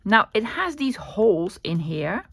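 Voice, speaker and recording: Gravelly Dutch-accented woman crafting. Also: mid-range voice, very animated, measured pace, fairly bright tone, dry recording. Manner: chatty, thinks aloud and answers her own questions. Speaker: crafting vlogger. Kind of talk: casual crafting commentary.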